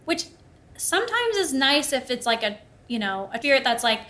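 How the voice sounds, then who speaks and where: She's a young podcast host with a high-pitched voice who speaks unhurriedly. Chatting casually, she tells a personal story in an animated way, acting out the voices of the people she quotes.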